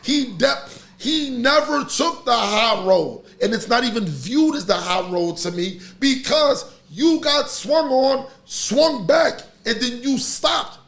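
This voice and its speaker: A man's voice: extremely high pitch, expressive, takes it slowly, gravelly, hardly any pauses, a bit bright. A middle-aged man, hosting a podcast in casual, heated chat and ranting animatedly. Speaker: podcast host.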